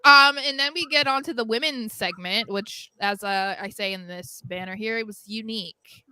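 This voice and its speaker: Bright, clear-voiced young woman co-host. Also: fairly high pitch, normal speed. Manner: chatty, full of fillers, acts out quotes. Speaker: podcast co-host. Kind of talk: casual wrestling recap chat.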